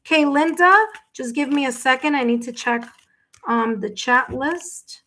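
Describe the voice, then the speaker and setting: A woman's voice: high-pitched, measured pace, fairly bright tone. A woman giving a live-streamed tarot reading, effusive, exclaiming and thanking viewers by name. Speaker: tarot reader.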